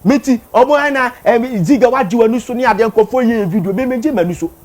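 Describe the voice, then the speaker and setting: A speaker with a Ghanaian accent and a medium-pitched voice talks fast, commenting animatedly in casual conversation. They switch back and forth between Twi and English.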